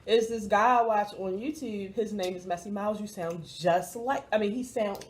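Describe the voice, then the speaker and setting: A woman's voice: mid-range voice, normal speed. A woman from Baltimore chatting to camera as a vlog host, cursing freely and talking straight to her viewers. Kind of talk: casual chat to camera.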